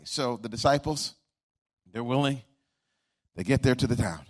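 A man's voice: medium pitch, animated, normal speed, pauses often. A male pastor giving a sermon with humorous asides, repeating key words, and rising into a sung, chanting preaching cadence.

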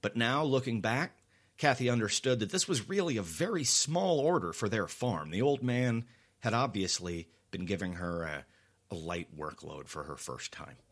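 Low-voiced man narrating a horror tale. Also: animated. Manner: dramatic, slow and hushed at tense moments. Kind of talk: scripted horror story narration.

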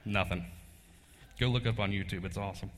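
A man's voice: fairly low pitch, fairly quick, a bit bright. A man, preaching a casual sermon and telling a personal story in a folksy way, laughing often. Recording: long hall reverb.

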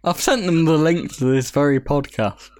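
A man's voice: on the high side, moderate pace, darkish tone, dry recording. A man hosting his own podcast, chatting casually and teasing his partner with frequent laughs. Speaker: podcast host. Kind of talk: casual chat.

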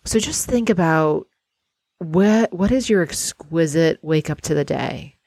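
A woman hosting a guided visualization, talking in an unhurried, dreamy way and inviting the listener to picture a perfect day. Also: deep voice, expressive, darkish tone, no room sound. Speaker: host guiding a visualization exercise.

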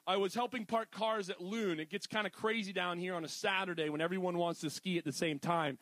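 A middle-aged man preaching a sermon in a casual, animated way, full of jokey asides. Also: high voice, no room sound. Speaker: pastor.

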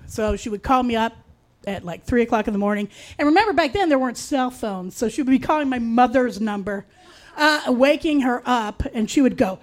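High-voiced woman telling a wry true story. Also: a little fast. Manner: wry, confiding, with dark humor. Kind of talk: personal storytelling.

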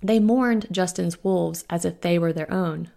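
A woman author reading the prologue of her own fantasy novel aloud in a steady way. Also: lowish voice, measured pace, vocal fry. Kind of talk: audiobook narration.

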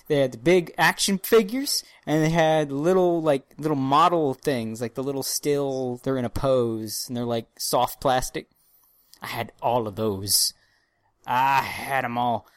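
Excitable, profane man in casual chat. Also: medium pitch, unhurried, dry recording, studio quality. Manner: profane, excitable, mock-dramatic outbursts. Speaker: podcast co-host.

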